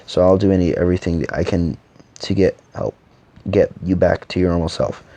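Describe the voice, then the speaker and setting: A man reading a fantasy story aloud and voicing all the characters himself, in a halting delivery with frequent stumbles and restarts. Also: deep voice, dark tone. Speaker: narrator voicing every character.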